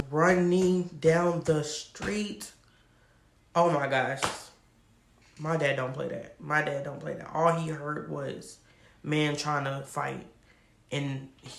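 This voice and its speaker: Gravelly, animated storytelling man. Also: on the high side, reverberant. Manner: animated, slangy, laughs often. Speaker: storytime vlogger. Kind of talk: casual storytelling to camera.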